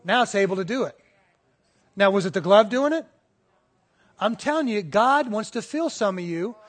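A man's voice: high-pitched, lively intonation, moderate pace. A male pastor preaching a conversational sermon, often checking in with the congregation and acting out little stories. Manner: tells stories and acts out voices within them.

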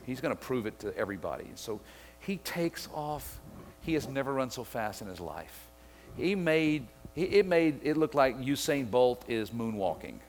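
A middle-aged man preaches to his congregation, telling a story that builds toward his point. His pitch sits in a medium range and his delivery swings between easy storytelling and loud, energetic emphasis. A faint hum runs under the recording. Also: normal speed. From Mississippi. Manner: storytelling, builds to excited shouting. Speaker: pastor. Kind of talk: sermon.

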